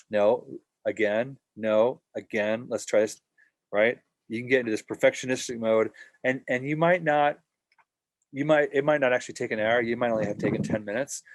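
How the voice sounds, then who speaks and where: A man's voice: fairly low pitch, dry recording. A man teaching a worship team workshop in a casual, conversational way, often acting out short voiced examples.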